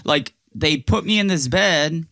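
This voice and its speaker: A man's voice: a little high, a little slow, gravelly, no room sound, clean studio sound. A man, a podcast guest, telling his personal story frankly in casual conversation and acting out what people said. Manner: frank, animated storyteller who acts out quotes.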